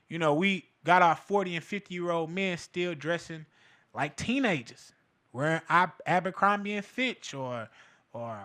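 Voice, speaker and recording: Animated man with bright, raised voice. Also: sits high. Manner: animated, emphatic, street slang, frequent fillers. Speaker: podcast host. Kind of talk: casual commentary monologue.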